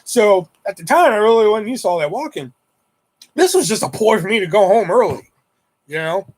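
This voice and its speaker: A man's voice: high voice, sing-song, fairly quick. Rambling, foul-mouthed male storyteller. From Houston area. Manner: rambling, heavy swearing, acts out voices of friends. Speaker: vlogger telling a story. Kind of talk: casual storytelling.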